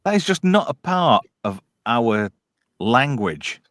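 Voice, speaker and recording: A blunt man hosting a loose podcast chat, swearing through his rants. His pitch swings up and down, and the sound is close and dry. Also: very animated, slow, fairly bright tone, no room sound. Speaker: host.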